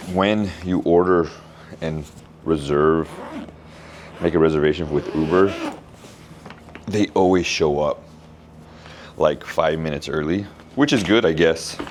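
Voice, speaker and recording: A man, a keynote speaker, chatting casually in a travel vlog and thinking out loud in a rambling way. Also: extremely low pitch, fairly even intonation, measured pace, long pauses, slight background noise.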